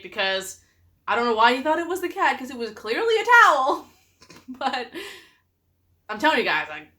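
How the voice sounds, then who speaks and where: A young woman talks to her viewers in a bright, fairly high voice. She tells funny stories about her husband in an animated way and laughs often. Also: moderate pace, pauses often. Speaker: vlogger. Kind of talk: casual storytelling to camera.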